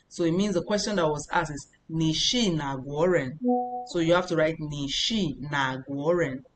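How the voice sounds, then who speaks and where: Lady teaching a lesson, says stuff twice slow then explains, bit of faint hum behind. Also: low voice, low-quality recording. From Nigeria. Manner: repeats phrases slowly and explains step by step. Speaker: language tutor.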